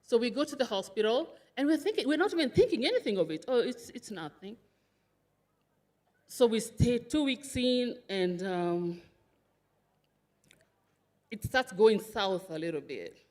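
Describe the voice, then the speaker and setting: A woman's voice: on the high side, lively intonation, unhurried, long pauses, darkish tone. A woman giving an emotional funeral tribute, rambling and tearful, with laughter breaking through. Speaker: eulogy speaker, sister of the widow.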